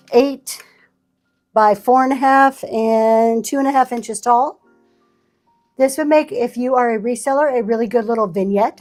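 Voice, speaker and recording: During a live online auction stream, a woman shows vintage items and chats casually, thanking buyers by name. Her voice is fairly high with a darkish tone.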